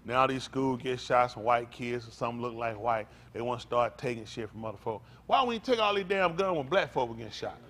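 An older man preaching a fiery, profane rant as pastor, swinging from loud outbursts to low tired mutters. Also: animated, fairly quick, hardly any pauses.

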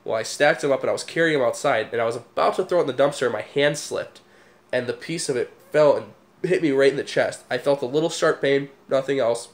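A man's voice: medium pitch, fast. A young man, casually telling funny stories to the camera and laughing at them. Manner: laid-back, laughs at his own stories. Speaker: vlogger.

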